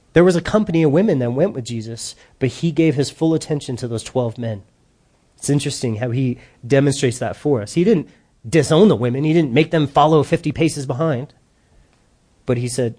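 A man's voice: mid-range voice, a little mellow. A middle-aged male pastor giving a conversational sermon, acting out short quoted voices as he preaches.

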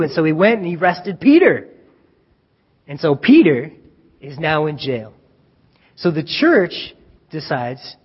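A male preacher giving an animated sermon, retelling a story and acting out the scenes. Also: fairly high pitch, measured pace, pauses often, slightly rough. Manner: animated, acts out scenes, chuckles at own jokes. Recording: dull reverberant hall recording.

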